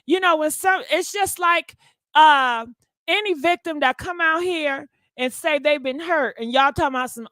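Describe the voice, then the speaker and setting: A woman's voice: high-pitched, moderate pace, a bit bright, no echo. A woman hosting a live gossip stream who exclaims a lot and talks straight to her viewers. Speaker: gossip channel host.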